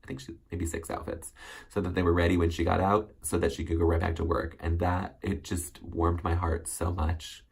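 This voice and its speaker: Guy doing a chatty solo tv recap, husky low voice, lots of ums. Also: level tone, normal speed, darkish tone. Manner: chatty, rambling, many ums and self-corrections. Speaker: recap host. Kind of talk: casual solo recap chat.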